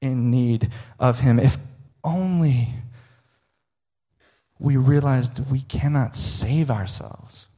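A male pastor delivering a sermon in an earnest voice of middling pitch. He often sinks to a soft, low hush to drive a point home. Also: slow.

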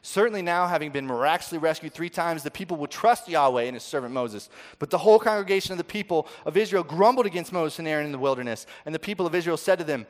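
Dramatic male preacher, fairly high voice. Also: animated, fast talker, hardly any pauses. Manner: dramatic, swings from loud quoting to soft intimate asides. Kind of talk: sermon.

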